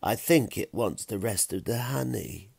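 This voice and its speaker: A man voicing a sick, helpless man who speaks with slow, drawn-out formal politeness. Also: on the low side, expressive, gravelly, darkish tone, husky, dry recording, full character voice. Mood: polite.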